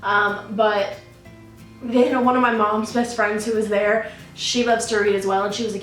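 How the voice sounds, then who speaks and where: A woman's voice: medium pitch, fairly even intonation, normal speed, fairly bright tone. A young woman vlogging in a casual, gushing, rambling way, often correcting herself. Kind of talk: casual chat. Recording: roomy echo, mic at a distance, faint music.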